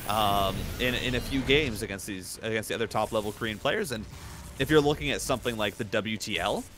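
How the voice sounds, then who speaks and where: A man's voice: mid-range voice, bright, forceful tone, slight background noise. A man doing live esports commentary, chatty and analytical, often restarting his sentences. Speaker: esports caster.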